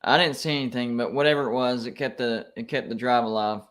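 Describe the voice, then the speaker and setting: A man streaming live reactions to college football games, excitable and quick to complain like an emotional fan. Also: mid-range voice.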